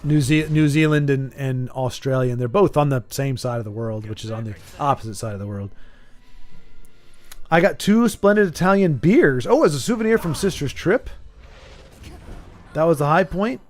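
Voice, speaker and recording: A man's voice: mid-range voice, lively intonation, brisk. A man chatting casually on a live game stream, rambling, joking and correcting himself as he goes.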